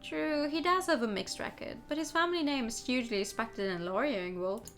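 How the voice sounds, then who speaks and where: A woman's voice: high-pitched, fairly quick, fairly bright tone. Woman reading as suave fox detective Vulpes. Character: suave male fox private investigator.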